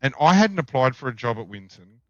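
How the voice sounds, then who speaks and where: A man's voice: medium pitch, big pitch swings, a little fast, no echo. A middle-aged Australian man, a podcast guest, telling blunt, profane anecdotes in casual chat. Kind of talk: casual storytelling. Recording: dull, dry lo-fi sound.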